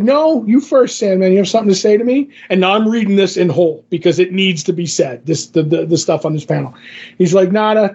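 High husky man retelling comic panels. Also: lo-fi sound. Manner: animated retelling of comic panels, quoting characters with lots of "he's like". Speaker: podcast co-host. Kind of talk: casual comic book discussion.

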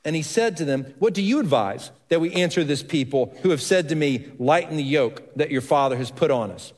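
A man's voice: fairly high pitch, lively intonation, a little fast, a little mellow. A male pastor preaching a sermon, reading scripture aloud and asking the congregation questions. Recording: reverberant hall.

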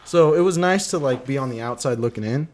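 A man's voice: mid-range voice, lively intonation, a little fast, darkish tone. A man telling a long story on a casual podcast, swearing freely and acting out what people said. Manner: profane, rambling, acts out quotes. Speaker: podcast co-host.

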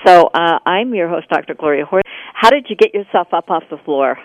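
A woman hosting a radio talk show, talking in a relaxed, conversational way with some hesitations. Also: fairly low pitch, dry recording. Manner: conversational, relaxed, halting fillers. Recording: dry narrow-band radio broadcast.

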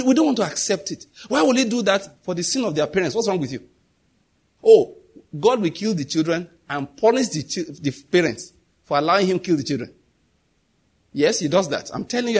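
A man's voice: sits high, darkish tone, slightly rough. A middle-aged man preaching a sermon in an emphatic, conversational way, firing off rhetorical questions.

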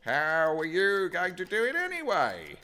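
A man with a Yorkshire accent performing blunt, gruff comedy sketch characters. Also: high-pitched, huge pitch swings, a little slow, sharp tone.

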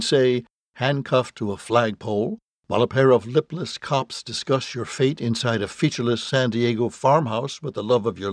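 A man narrating an audiobook with wry, deadpan storytelling and a gravelly, husky voice. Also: mid-range voice, no room sound, clean studio sound. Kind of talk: scripted narration.

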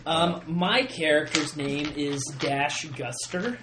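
A high-voiced man joking his way through a character introduction at a game table. The room is echoey, with a steady noise under the voice. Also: slow pace. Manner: joking, stop-start. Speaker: player. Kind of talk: casual chat at a game table.

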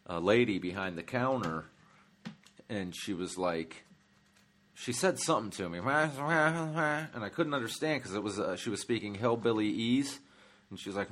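A man's voice: on the low side, a bit bright. A man hosting a comedy travel podcast, rambling through a profane monologue with lots of ums and uhs. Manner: rambling, profane, many fillers.

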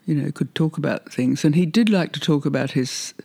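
Older man reminiscing, gravelly voice. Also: fairly high pitch, fairly quick, a little mellow. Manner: rambling, hesitant, often laughing. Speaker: interviewee. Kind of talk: reminiscing conversation.

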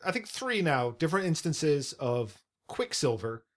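A man's voice: a little high, very animated, unhurried. Hesitant man in a casual podcast chat. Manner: hesitant, many fillers and restarts.

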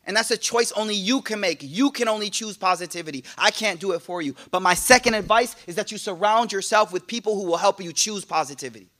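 A man gives a casual motivational talk to a live audience. His voice sits high and sounds bright and forward. He tells stories with humor and slips into quick impressions of the people in them. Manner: animated storytelling with jokes and quoted voices. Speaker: speaker giving a talk to an audience.

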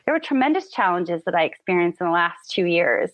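A woman telling personal stories as a guest on a live-stream interview, animated and sometimes emotional. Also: on the low side, a little fast, dry recording, muffled recording. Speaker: guest, author and musician. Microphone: remote call.

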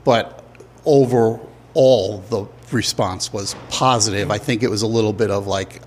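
A man hosting an interview, asking questions and adding his own comments in a relaxed conversational way. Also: fairly low pitch, unhurried, slight background noise. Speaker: interviewer host.

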